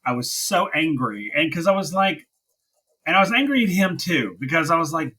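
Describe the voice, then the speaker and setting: A man's voice: on the high side, big pitch swings, moderate pace, pushed and bright, husky, poor audio. A man co-hosting a wrestling podcast in casual chat, talking in emphatic, impassioned rants.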